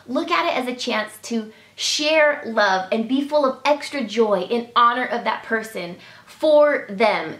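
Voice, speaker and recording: Sincere emotional woman vlogging, kinda high voice, roomy echo. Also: a bit bright. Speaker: beauty vlogger. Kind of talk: heartfelt personal talk to camera. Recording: echoey room.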